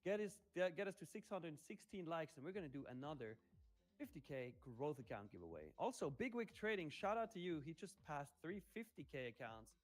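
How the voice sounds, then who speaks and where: A man's voice: fairly high pitch, big pitch swings, a little fast, faint music behind. A man hosting a livestream in casual chat, upbeat and playful as he reads out viewer comments and hypes the audience. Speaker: livestream host reading chat.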